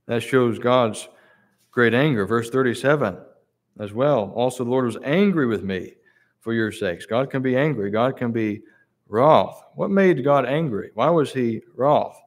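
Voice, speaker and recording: A man's voice: medium pitch, animated, moderate pace. A man preaching a sermon, reading Bible verses aloud and repeating key words for emphasis.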